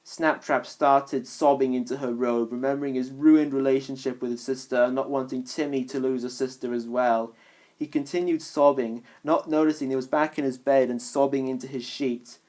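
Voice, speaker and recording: A woman's voice: extremely low pitch, fairly even intonation, moderate pace, a little mellow. A woman reading a fan story aloud, shifting voices for each character. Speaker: reader.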